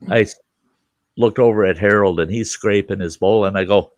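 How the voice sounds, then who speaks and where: A man's voice: fairly low pitch, moderate pace, dry recording. An older man hosting a casual chat, telling a story with lots of laughter and cursing. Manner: animated, profane, laughs through his stories. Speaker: podcast host.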